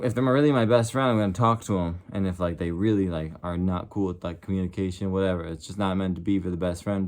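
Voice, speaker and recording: A man's voice: lowish voice, darkish tone. Rambling young man, casual and earnest. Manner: rambling, heavy use of "like"; earnest, passionate. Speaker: vlogger. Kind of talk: casual talk to camera.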